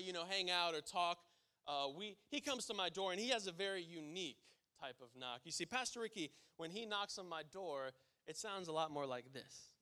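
High bright-voiced male preacher. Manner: conversational storytelling that builds to emphatic preaching. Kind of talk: sermon.

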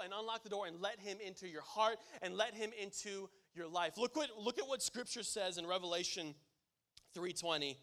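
A man's voice: high-pitched, moderate pace, pushed and bright. A male preacher giving a sermon, telling a casual story that builds to emphatic preaching.

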